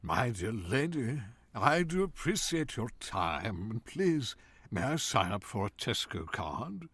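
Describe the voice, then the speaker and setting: A man doing a posh old English gentleman. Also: mid-range voice, very animated, slightly rough, no echo, exaggerated voice. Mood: courtly. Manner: ornate and slow.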